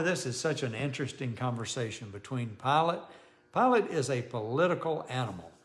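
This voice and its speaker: A man, a pastor, leading a relaxed Bible study, talking conversationally, often restarting sentences and chuckling as he reads scripture aloud. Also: medium pitch. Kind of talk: informal Bible study teaching.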